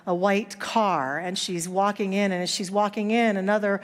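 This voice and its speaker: A woman's voice: medium pitch, steady tone, moderate pace. A woman minister giving a sermon, telling stories and acting out the voices of the people in them. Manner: storytelling, acts out quoted voices. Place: church sanctuary. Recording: long hall reverb.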